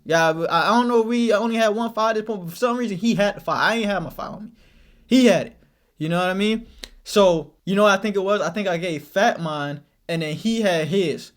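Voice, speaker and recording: A young man vlogger telling a casual story, animated and slang-heavy, often repeating his phrases. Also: high-pitched, a little fast.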